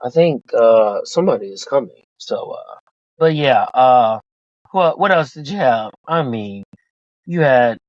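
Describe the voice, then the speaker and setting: A man hosting a podcast, retelling events in casual chat, excitable and swearing freely. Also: mid-range voice, unhurried, no room sound. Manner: excitable, profane storytelling. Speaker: podcast host. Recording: dull lo-fi dry sound.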